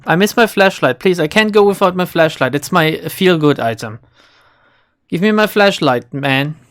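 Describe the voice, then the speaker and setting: A woman streamer giving casual, playful commentary while playing a game, chatty and quick to swear at the characters. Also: lowish voice, lively intonation. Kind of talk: casual let's-play commentary.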